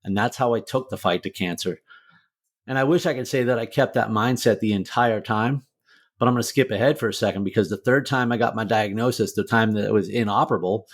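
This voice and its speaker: A middle-aged man, a motivational speaker, telling his own hard story as an interview guest, candid and emotional, swearing freely and filling with "like". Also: fairly low pitch. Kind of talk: personal storytelling in a podcast interview.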